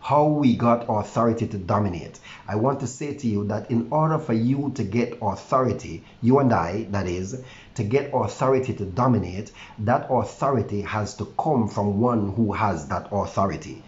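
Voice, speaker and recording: Male pastor, fervent sermon, slightly stuffy nose, lowish voice, dull lo-fi recording. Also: moderate pace, a little mellow. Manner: fervent preaching with repeated hallelujahs. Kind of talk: online morning devotion sermon.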